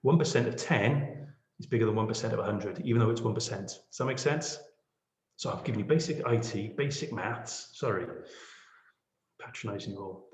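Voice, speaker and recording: A man's voice: fairly low pitch, a little fast. A man running a webinar tutorial on podcast editing, chatty and self-deprecating, often checking in with the audience. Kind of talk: screen-share webinar tutorial. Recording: echoey room.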